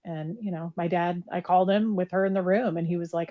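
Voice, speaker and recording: A woman's voice: lowish voice, steady tone, fairly quick. Blunt woman on a muffled phone call. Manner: candid, blunt, swears freely. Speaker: caller, former member recounting her past. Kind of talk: recorded phone conversation.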